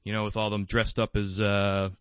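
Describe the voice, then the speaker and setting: A man's voice: on the low side, monotone, moderate pace, fairly bright tone, smooth, dry recording. A man co-hosting a podcast in casual fan chat, rambling with lots of fillers and restarts, with bursts of enthusiasm. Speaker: podcast co-host.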